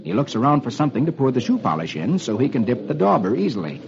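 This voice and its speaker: Lively old-time radio storyteller man. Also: mid-range voice, fast talker, vocal fry, a crowd in the background. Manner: cheerful, storytelling, rhyming patter. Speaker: radio host reading comics. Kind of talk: reading comics aloud on radio for children. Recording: dull old radio recording with hiss.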